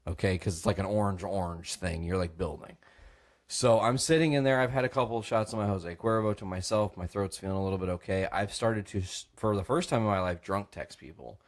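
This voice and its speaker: A man's voice: low-pitched, brisk. A young man on a podcast telling a rowdy story, swearing and acting out voices as he goes. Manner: acts out voices, swears freely, laughs often. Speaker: podcast host. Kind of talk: animated storytelling on a comedy podcast.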